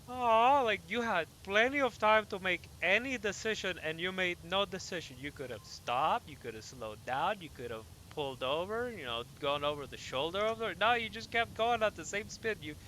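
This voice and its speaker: A young man rambles through a story in a lively, casual way, full of fillers and restarts. His voice is bright and forward. A faint hum sits under the recording. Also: high voice. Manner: animated, lots of fillers and self-corrections. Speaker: gaming podcast host. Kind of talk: casual storytelling while gaming.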